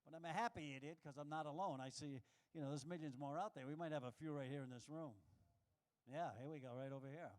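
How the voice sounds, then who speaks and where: Male stand-up from New York, high voice, brash self-deprecating club comic. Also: quick pace, a little mellow. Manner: brash, self-mocking punchline delivery. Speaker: stand-up comedian. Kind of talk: stand-up comedy set. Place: live comedy showroom with audience.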